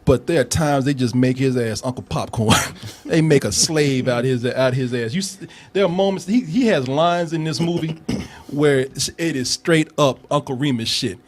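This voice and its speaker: A man's voice: mid-range voice, normal speed. A man hosting a casual comedic movie review podcast, laughing often and acting out lines from the film. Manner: animated, laughing, quotes characters in exaggerated voices.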